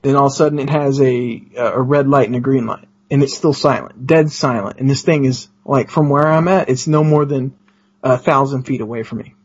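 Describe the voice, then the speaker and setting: A husky man tells an excited story as a podcast guest, stumbling and restarting as he goes. His pitch sits in the middle range. The sound is dull and lo-fi. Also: a little fast. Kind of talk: casual podcast chat.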